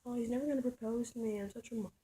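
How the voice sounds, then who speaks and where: A man mocking a whiny, self-pitying teenage girl with a shrill, melodramatic complaint. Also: fairly even intonation, racing, mellow, a little hiss or hum, rough recording.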